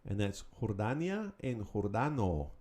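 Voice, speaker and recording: A man hosting a Spanish lesson podcast, calling out words, pausing, then giving the answers in an upbeat, patient way. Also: lowish voice, big pitch swings, a little mellow. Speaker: Spanish teacher. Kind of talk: podcast language drill.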